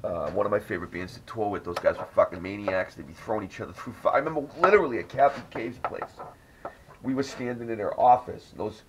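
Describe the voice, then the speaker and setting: A man's voice: lowish voice, fast. A man hosting a casual podcast, telling a rambling, profanity-laced story. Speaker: podcast host. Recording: dull lo-fi audio with faint noise.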